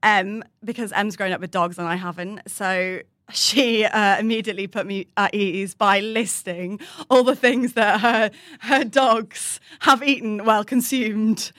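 A woman co-hosting a podcast, rambling through stories with self-deprecating humour. Her pitch is middling and her delivery casual. The sound is dry and close. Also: fairly even intonation, measured pace, a bit bright, dry recording. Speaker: podcast co-host. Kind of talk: casual storytelling chat.

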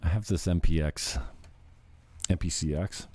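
A man's voice: low-pitched, measured pace, very noisy. A male show host ranting casually, blunt, profane and mocking. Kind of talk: casual crude comedy rant.

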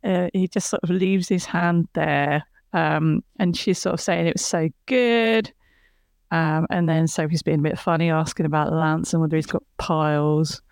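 A woman's voice: deep voice, fairly even intonation, normal speed, creaky, a little mellow, clean tone, dry recording, clean studio sound. A woman chatting casually on a podcast, retelling a TV episode scene by scene. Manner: chatty, retelling scenes with laughs and quoted lines.

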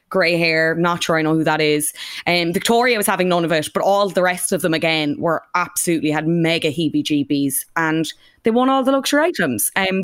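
Chatty woman podcast host. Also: fairly low pitch. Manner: chatty, drawn-out musing with fillers. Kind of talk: casual chat.

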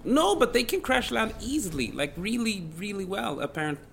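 Swedish-native man speaking English with an American lean, his voice bright and gravelly. He jokes around and swears freely in a playful, casual chat as a podcast guest. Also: high voice, sing-song, moderate pace, a little hiss or hum. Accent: American-leaning English.

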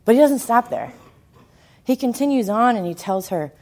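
A woman preaching a sermon, telling the story in an animated way, with emphatic lines that swing from loud to hushed. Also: a little high, moderate pace.

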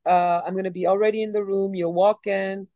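A woman in her forties with a slight French accent tells a long story as an interview guest. She rambles and restarts often, and her voice rises and falls with lively emphasis. The sound is dry and close. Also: medium pitch, brisk, no echo, dull audio. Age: 40s. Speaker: actress guest. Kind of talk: casual podcast interview.

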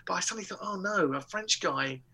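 A man telling a comic anecdote in a lively, casual way, with restarts and laughter. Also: sits high, fairly quick, husky. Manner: animated storytelling with laughter and restarts. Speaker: guest comedian. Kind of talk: casual anecdote on a talk show.

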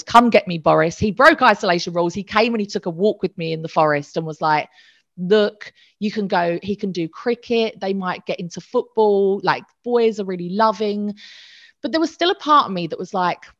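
A woman's voice: fairly low pitch, expressive, fairly quick, fairly bright tone. A woman, candidly telling an emotional personal story and swearing casually. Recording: slightly dull lo-fi audio.

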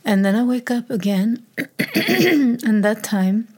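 Swedish-accented woman, slow halting testimony, voice strained and emotional, slips into whispers. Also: medium pitch, steady tone. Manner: halting, restarts often, drops to a soft whisper. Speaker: speaker sharing a personal story. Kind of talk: personal testimony.

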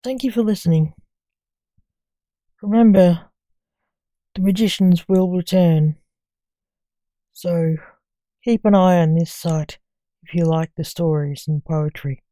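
Lady reading a story out, calm, slow, mellow voice. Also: fairly low pitch, no echo. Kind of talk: storybook narration.

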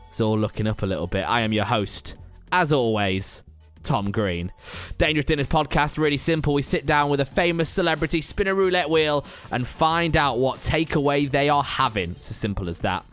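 A man hosts a podcast in a loose, chatty way, poking fun at himself as he goes. His pitch jumps high when he jokes. Faint music plays underneath. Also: fairly bright tone. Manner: chatty, self-mocking, jumpy pitch. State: out of breath. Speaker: podcast host. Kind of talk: casual podcast intro.

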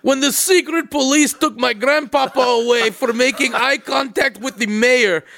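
A man's voice: very high voice, normal speed, gravelly, sharp tone, dry recording, full character voice. A man putting on a weepy old man. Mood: mock tearful. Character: old sentimental male Russian émigré, melodramatic.

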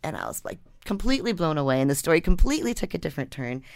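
Brief: woman reporter and guest, low register with gravelly fry, animated storyteller, close dry mic. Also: very fast, no echo. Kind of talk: reading her feature story, then casual storytelling.

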